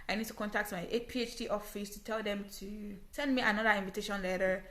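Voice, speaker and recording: A woman's voice: medium pitch, fairly even intonation, fast, a bit bright. A young Nigerian woman with a Nigerian English accent, telling a personal story to her vlog audience in an earnest, emphatic way, repeating phrases for stress. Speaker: vlogger. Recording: echoey room.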